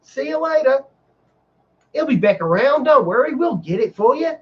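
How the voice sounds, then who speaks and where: A man's voice: very high-pitched, sing-song, normal speed, recorded from a distance, highs cut off, pitched above the performer's own voice. A man voicing a chirpy young Australian woman who works at a theme park ride, bubbly and over-eager to help.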